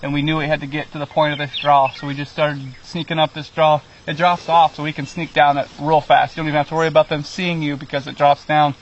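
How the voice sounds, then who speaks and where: A man's voice: fairly high pitch, quick pace, few pauses. A young man, a son on a family hunt, telling the story animatedly and acting out what everyone said. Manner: animated storyteller, acts out quotes. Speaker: hunter, son. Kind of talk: casual outdoor recounting. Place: outdoors in rural fields. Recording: dull outdoor audio, faint field noise. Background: crickets and insects.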